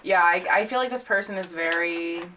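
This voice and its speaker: A woman's voice: fairly low pitch, moderate pace, noisy background. A young woman giving a casual tarot reading to camera, chatty with lots of fillers and turning blunt and sweary. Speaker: tarot reader.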